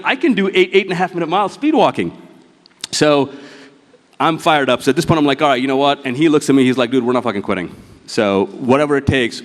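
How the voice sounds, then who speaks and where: A man speaks from the stage of a large event hall as a motivational speaker. He tells his story with blunt swearing and acts out the dialogue himself, in a voice of ordinary pitch. The long hall reverb trails after his words. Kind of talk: live keynote talk with slides.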